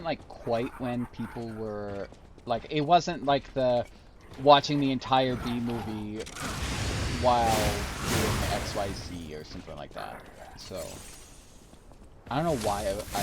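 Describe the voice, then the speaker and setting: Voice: mid-range voice, noisy background. A streamer chatting casually while playing a game, rambling and joking sarcastically. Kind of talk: casual live game commentary.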